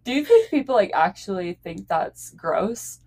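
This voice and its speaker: A woman's voice: medium pitch, big pitch swings, normal speed, darkish tone. A young woman co-hosting a casual chat, giggly and full of "like" fillers as she tells embarrassing stories. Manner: giggly, lots of "like" fillers, storytelling. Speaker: podcast co-host.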